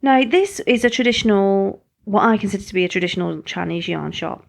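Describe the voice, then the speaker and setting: A woman's voice: medium pitch, expressive, a little fast, gravelly. A woman host, chatting in a rambling, self-deprecating way on her podcast. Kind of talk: casual podcast monologue.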